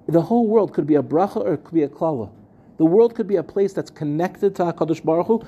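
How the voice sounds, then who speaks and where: Bright-voiced rabbi teaching a lively class. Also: male voice, on the high side, husky. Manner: conversational, asks the room questions, repeats phrases. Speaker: rabbi giving a Torah class. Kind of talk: lively spoken Torah class. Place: room with a live audience.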